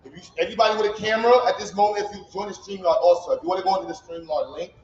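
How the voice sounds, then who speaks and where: A man's voice: high-pitched, steady tone, rapid-fire, a little mellow, slight background noise. A man giving an informal, heartfelt ceremony speech in loose, emphatic street talk. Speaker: founder giving a commencement speech. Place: event hall. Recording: roomy, slightly dull livestream audio with faint ambience.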